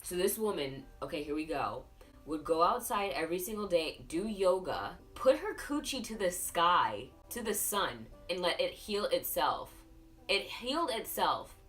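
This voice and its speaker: A woman with a notably low voice rambles through a tipsy film review, swearing freely and gossiping as she tells the story. Music plays clearly behind her. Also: lively intonation, normal speed. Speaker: host. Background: music playing.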